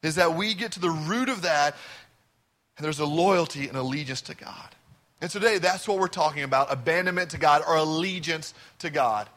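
In a church sanctuary, a middle-aged pastor preaches a sermon in a conversational, joking way. His voice is on the high side and a bit bright, at a moderate pace.

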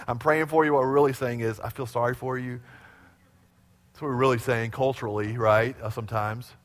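A pastor preaching an animated sermon, calling on the congregation to repeat lines after him. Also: male voice, on the high side.

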